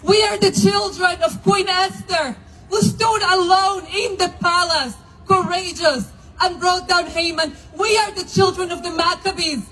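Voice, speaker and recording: A woman's voice: extremely high pitch, fairly even intonation, a little slow, a bit bright, a little hiss or hum, low-quality recording. A woman from Argentina, a religious leader giving a fiery, declamatory protest speech at an outdoor rally, hammering repeated refrains.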